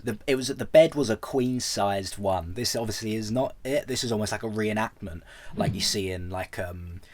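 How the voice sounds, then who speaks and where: A man's voice: on the low side, normal speed. A young British man telling a comic travel story as a vlogger, rambling and self-deprecating, with many false starts.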